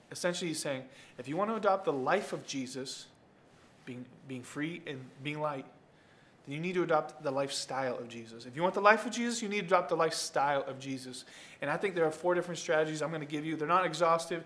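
A male pastor giving an emphatic sermon, dropping low for quiet points and rising into loud calls to the congregation. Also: fast. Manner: emphatic preaching, swings from soft asides to loud calls; talks straight to the congregation.

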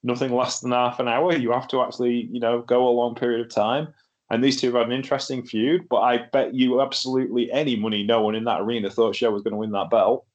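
A man's voice: mid-range voice, level tone, quick pace, highs cut off. A man hosting a casual wrestling review chat, laughing often and sounding wry. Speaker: podcast host.

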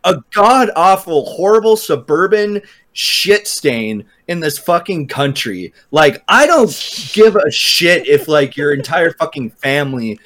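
A man's voice: on the high side, animated, unhurried, hardly any pauses, a bit bright. A man from Washington state ranting heatedly in casual chat, swearing constantly as a podcast co-host. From Washington state, USA.

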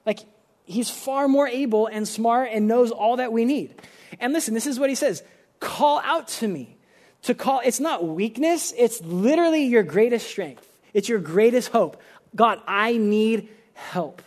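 A man's voice: very high-pitched, expressive, moderate pace, mellow. A young man giving a casual, conversational sermon as a pastor, earnest and full of filler words.

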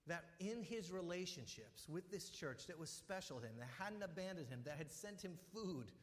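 A pastor delivers a sermon in a conversational way, sharing personal stories. His voice is high-pitched and a bit bright, and the recording carries long hall reverb.

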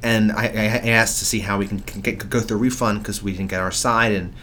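A man's voice: fairly low pitch, steady tone, brisk, bright, forceful tone. Man, podcast co-host, swears freely, casual storytelling, faint hiss. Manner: profane, storytelling with frequent restarts. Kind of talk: casual chat.

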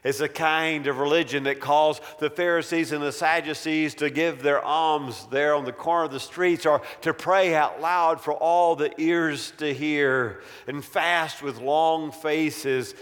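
A male preacher giving a sermon at a very slow, measured pace with a somewhat raised voice. He leans on key words for emphasis, and his voice carries the long reverb of a church hall. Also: fairly high pitch, steady tone, fairly bright tone.

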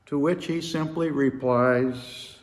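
A man preaching a sermon, retelling a story slowly and dramatically, his voice swelling and dropping for effect. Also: medium pitch, long reverb tail.

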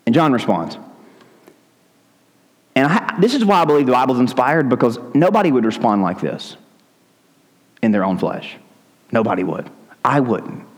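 A man preaching a sermon as pastor, conversational and with joking asides. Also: on the low side. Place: church sanctuary. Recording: long hall reverb.

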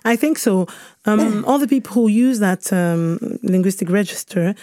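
A woman from Cameroon answers questions about her research in a mellow, soft-edged voice. She thinks aloud, with frequent fillers and self-corrections. The sound is close and dry. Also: mid-range voice, moderate pace, dry recording. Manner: thoughtful, with frequent fillers and restarts. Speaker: researcher guest. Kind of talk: interview answers.

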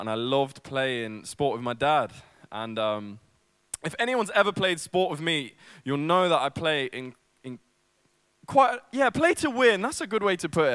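Brief: young male preacher, slightly high voice, casual sermon full of ums and asides, close and dry. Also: fairly bright tone, clean tone, no room sound. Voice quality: casual, self-deprecating, filler-heavy delivery. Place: church service.

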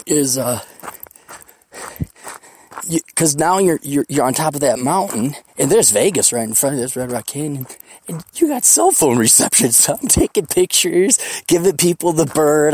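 A rowdy podcast host rambles outdoors on a hiking trail, swearing freely and cracking jokes as he goes. His voice sits at an ordinary middle pitch for a man, loose and unscripted. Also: darkish tone. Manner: profane, boisterous, jokey. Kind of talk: casual rambling monologue.

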